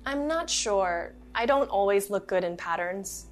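A woman's voice: mid-range voice, expressive, a little slow, lightly acted. A woman reads a young female shopper in a scripted textbook dialogue. She sounds polite and a little hesitant. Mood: unsure.

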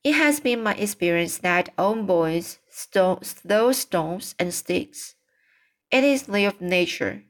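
Woman reading male cock swan, indignant, proud, stiff complaining, storybook, slow. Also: medium pitch, animated. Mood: angry.

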